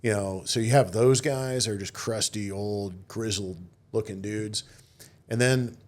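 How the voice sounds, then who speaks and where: Casting: middle-aged man with a low voice, loose storytelling and lots of quoted dialogue. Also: fairly even intonation, measured pace, a little mellow. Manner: rambling anecdotes with quoted voices. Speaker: guest, retired Marine officer. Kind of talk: casual storytelling interview.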